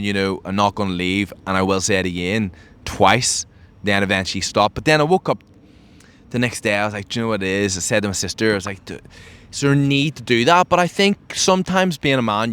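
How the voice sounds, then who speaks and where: A man's voice: on the low side, smooth. A young man hosting a podcast, telling a story in casual chat and acting out the lines of the people in it with lots of fillers. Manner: animated storyteller who acts out quotes, many fillers. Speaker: podcast host.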